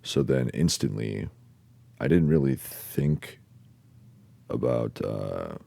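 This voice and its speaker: Super deep gravelly guy, slow halting podcast ramble, lots of ums and trailing off. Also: mellow. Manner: halting, many pauses and fillers, swears casually. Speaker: podcast host. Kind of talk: rambling personal storytelling.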